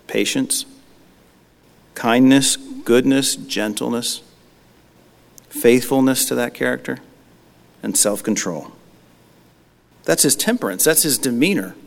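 A man's voice: mid-range voice, long reverb tail. A man preaching a conversational, reflective sermon, often asking rhetorical questions. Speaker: pastor. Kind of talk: sermon teaching.

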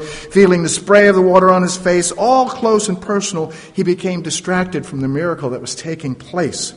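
A man preaching a sermon, retelling a story dramatically with playful asides. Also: a little high. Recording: long reverb of a large hall.

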